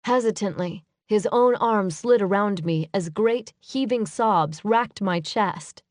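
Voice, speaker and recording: Woman narrator for an audiobook, slow and measured, close dry sound. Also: medium pitch, a little mellow, no echo. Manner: measured, unhurried storytelling. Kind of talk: first-person scripted narration.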